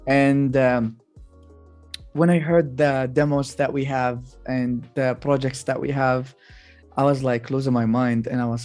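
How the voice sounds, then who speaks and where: A man from Kuwait talking as a musician guest on a podcast, relaxed and halting, with plenty of fillers. His voice sits at a middling pitch. Faint music plays in the background. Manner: relaxed, hesitant, many fillers. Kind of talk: casual podcast interview.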